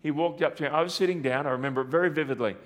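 A man delivers a sermon in a fairly high voice. He preaches earnestly, repeating phrases and posing rhetorical questions to his listeners. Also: very fast. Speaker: pastor.

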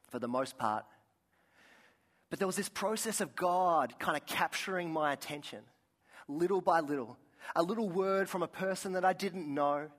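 A young man preaching a sermon in a conversational, storytelling way, often restarting his sentences and dropping to a soft voice for emphasis. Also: fairly high pitch. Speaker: pastor.

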